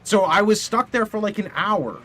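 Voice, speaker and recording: A young man streaming from his home setup, telling a rambling, animated story to his live chat and swearing casually into a studio mic. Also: high-pitched, normal speed, faint music behind. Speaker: video game streamer. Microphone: condenser studio mic.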